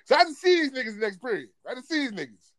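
A man telling a stand-up story, animated and profane, getting loud and laughing as he talks. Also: extremely high pitch, rapid-fire. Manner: gets loud and excitable, often laughing mid-sentence. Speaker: comedian.

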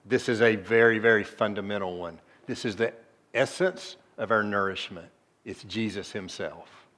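Preaching to his congregation, a male pastor moves at a moderate pace. He alternates quiet, gentle passages with loud, forceful outbursts and repeatedly poses rhetorical questions.

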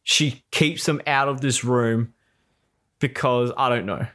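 Animated casual man, acting out scenes. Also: medium pitch, takes it slowly. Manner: animated, acts out characters' lines, swears freely. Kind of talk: casual chat about a TV series.

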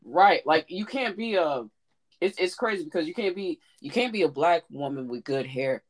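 A woman chatting casually as a guest, relaxed and conversational, often asking "you know what I'm saying". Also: on the low side, moderate pace, no room sound, studio quality. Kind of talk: casual chat.

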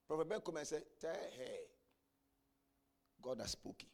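A man preaching a sermon, telling a story and building to shouted climaxes. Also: fairly high pitch, sing-song, moderate pace, vocal fry. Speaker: pastor.

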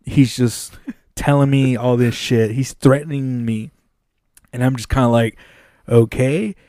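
A man telling a long story in casual podcast chat, animated and swearing often, acting out the dialogue. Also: mid-range voice, unhurried, no room sound, clean studio sound. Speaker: podcast co-host. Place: podcast studio.

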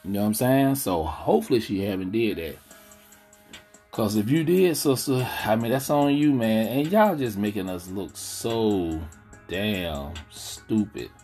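A man's voice: fairly low pitch, lively intonation, unhurried, dark tone, soft background music. A man hosting a podcast, talking casually in African American Vernacular English, blunt and indignant, with a habit of asking "you know what I'm saying". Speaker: podcast host. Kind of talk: casual commentary monologue.

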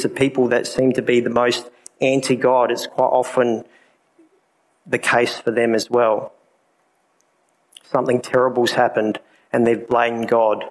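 A man's voice: mid-range voice, poor audio. A man giving his personal testimony to a church congregation, candid and conversational, with many fillers. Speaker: preacher sharing his testimony.

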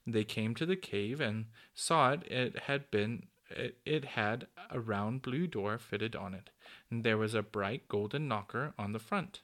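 A man reading a children's story aloud, steady with small slips and restarts. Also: fairly low pitch, measured pace. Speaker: narrator.

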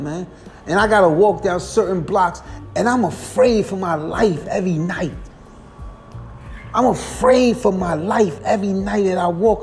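A man with a rather high voice rambles through an earnest, casual monologue as a podcast host. He sounds weary and keeps circling back with repeated phrases and a steady "man" at the end of his lines. Soft music plays faintly behind him.

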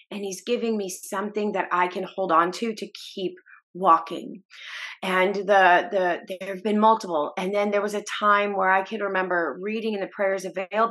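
A woman with a slightly low voice shares her personal faith story as a podcast guest. She speaks earnestly and emotionally, often restarting her sentences and breaking into small laughs. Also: a bit bright. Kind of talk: personal testimony in a podcast interview.

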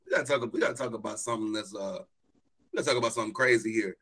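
A man's voice: fairly low pitch, very fast, fairly bright tone, breathy edge. A young man hosting a casual sports podcast, hyped and joking, drawling his sing-song intro. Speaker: podcast host.

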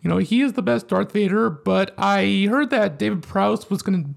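A man's voice: high voice, normal speed, gravelly. A man co-hosting a podcast, chatting casually and rambling with lots of filler phrases. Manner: rambling, heavy use of "you know". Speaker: podcast co-host. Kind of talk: casual chat.

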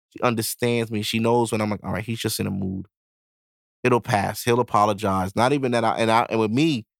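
A man's voice: mid-range voice, a bit bright, no echo, clean studio sound. A young man hosting a podcast, giving blunt, profanity-laced advice in a casual monologue. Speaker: podcast host.

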